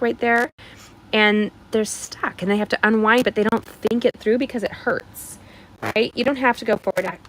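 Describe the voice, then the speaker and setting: A woman's voice: medium pitch, noisy background. A woman hosting a live card-making demonstration, chatting playfully with her viewers and greeting them by name as she works. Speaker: crafting livestream host.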